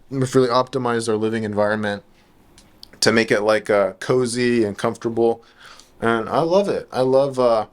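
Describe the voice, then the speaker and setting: A young man from the United States talking casually in a vlog, relaxed and loose, full of fillers and restarts. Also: mid-range voice. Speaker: trading vlogger. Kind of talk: casual rambling monologue.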